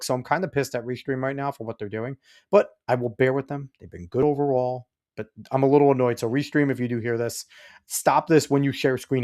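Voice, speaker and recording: Male host for a casual reaction stream: rambling, easily riled, middle-pitched voice. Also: darkish tone. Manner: rambling, exasperated, talks back at chat and the clip. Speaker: podcast host reacting to a clip. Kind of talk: casual livestream reaction commentary.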